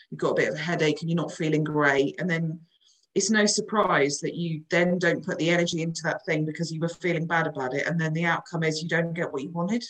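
Low-voiced woman in her forties; candid, chatty coach. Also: rough recording. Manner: chatty, frank, lively storytelling. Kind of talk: casual podcast chat.

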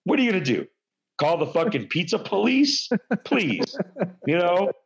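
A man telling a funny story casually, animated and profane. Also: a little fast, vocal fry, lo-fi sound. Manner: animated, profane, big pitch jumps.

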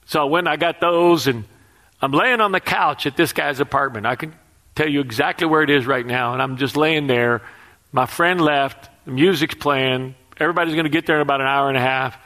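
Animated preacher man, slightly high voice. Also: brisk. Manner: animated storytelling, asks audience questions. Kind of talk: sermon.

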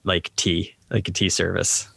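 A man with a lowish voice co-hosts a casual podcast and quizzes his partner on trivia. He talks in an easygoing way, stumbles over fillers and laughs easily. The sound is close and dry. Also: flat delivery, a little slow, creaky, fairly bright tone, slightly rough, no room sound. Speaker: podcast co-host, quizmaster. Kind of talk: casual chat, trivia quiz.

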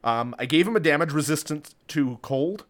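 A man's voice: fairly high pitch, lively intonation, normal speed. A man co-hosting a casual podcast, talking through a movie and a tabletop monster with lots of fillers and restarts. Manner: rambling, filler-heavy, laughs often. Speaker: podcast co-host. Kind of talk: casual chat.

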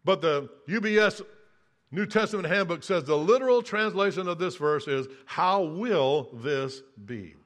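High bright-voiced male pastor preaching. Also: lively intonation, normal speed. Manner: earnest preaching with repeated phrases and restarts. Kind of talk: sermon.

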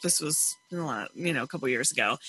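A woman's voice: a bass voice, expressive, fast talker, fairly bright tone, husky, low-quality recording. A woman co-hosting a casual podcast chat, chatty and given to storytelling. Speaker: podcast co-host who picks the album.

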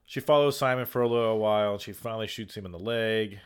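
Man, lowish voice, casual podcast co-host, animated movie recap, sarcastic asides. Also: fast talker, smooth. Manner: animated storyteller, acts out quotes, sarcastic.

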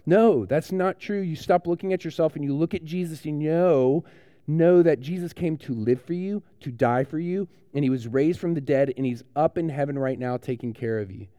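A man's voice: fairly high pitch, normal speed, mellow, dry recording, studio quality. A man, a pastor giving a playful, joking children's sermon in a conversational way.

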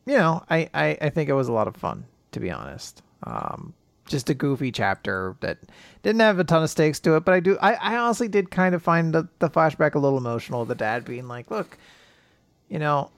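Guy recapping manga chapters, lively pitch, dry close sound, tosses in little character voices. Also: vocal fry, no echo. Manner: animated retelling, puts on quick character voices. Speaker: podcast co-host.

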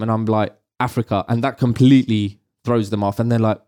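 A man's voice: lowish voice, fairly even intonation, fairly quick, dark tone. A middle-aged man from England hosts a podcast in a loose, casual chat. He argues his points and keeps firing pointed questions back at the others. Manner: argumentative, asks pointed questions. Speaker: podcast host.

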